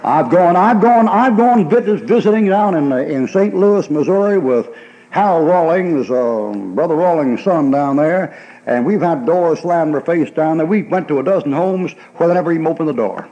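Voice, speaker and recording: A man preaching a sermon in a voice on the higher side for a man. He is folksy and emphatic, hammering his points home and acting out the people in his stories with bursts of laughter. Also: animated, normal speed, dark tone, lo-fi sound. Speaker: pastor.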